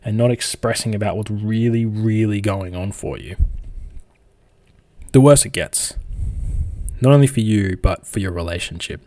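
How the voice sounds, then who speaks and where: Blunt, swearing man with a low voice. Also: moderate pace, pauses often, warm tone. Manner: blunt, swears freely, acts out dialogue. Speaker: relationship advice speaker. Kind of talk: casual monologue.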